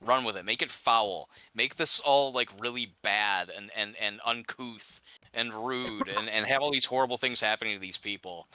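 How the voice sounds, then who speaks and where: A man's voice: lowish voice, moderate pace, bright, forceful tone, dry recording, poor audio. A young man chatting casually with a friend while gaming, rambling, stumbling over his words and laughing often.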